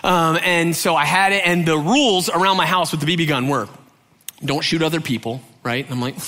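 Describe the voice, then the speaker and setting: A man from Georgia, USA, telling a funny childhood story, acting out the quotes with big jumps in his voice. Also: moderate pace. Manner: animated, acts out quotes with big pitch jumps. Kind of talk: comic storytelling. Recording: long hall reverb.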